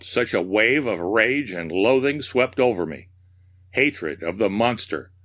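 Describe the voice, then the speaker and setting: A man narrating a horror story in a slow, deliberate delivery, giving every phrase room to land. His voice sits fairly low yet sounds bright and forceful, with a theatrical, ominous edge. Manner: measured, darkly theatrical narration. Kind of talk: dramatic reading of a horror tale.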